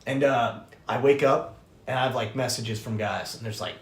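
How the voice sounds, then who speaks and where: A young man, a podcast host, telling a story in casual chat, animated and profane, acting out the voices of people he quotes. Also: mid-range voice, moderate pace. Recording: roomy echo.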